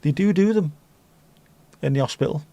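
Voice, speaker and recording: A man's voice: fairly high pitch, normal speed, dark tone, no echo, dull audio. A man hosting a casual livestream chat, bantering crudely and swearing often. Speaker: livestream host.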